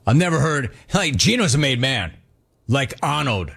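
A man hosting a sports talk radio show, animated and mocking, repeating himself for emphasis. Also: mid-range voice, normal speed, gravelly, husky.

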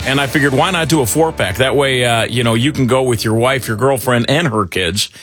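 A middle-aged man hosting talk radio, rambling and animated with lots of fillers. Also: medium pitch, a little fast, over music. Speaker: radio talk show host. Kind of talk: casual talk radio banter.

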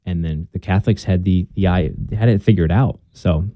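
A man's voice: deep voice, brisk, dry recording, lo-fi sound. A young man, a guest in a conversation, telling his story in an earnest, casual way and acting out bits of past dialogue.

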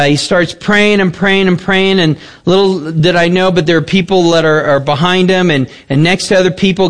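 A man preaching a sermon, telling a story in an animated, conversational way with emphatic turns. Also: high voice. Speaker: pastor.

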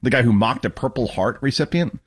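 A man's voice: brisk, breathy edge. A man hosting a talk radio show, delivering sarcastic, mocking political commentary. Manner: sarcastic, mocking, lively pitch swings.

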